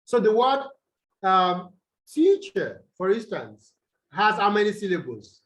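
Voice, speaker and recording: In an online tutorial lecture with poor audio, a Nigerian man teaches English over video call at normal speed. His high-pitched voice swings widely in pitch as he repeats points and prompts his students with "what?"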